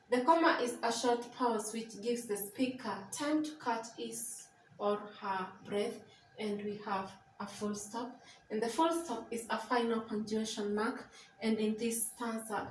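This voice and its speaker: A woman's voice: fairly high pitch, echoey room, recorded from a distance, a little hiss or hum, poor audio. A woman teacher giving a poetry lesson, reading lines aloud and explaining them point by point. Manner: reads verse aloud, then explains each point slowly. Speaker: English teacher.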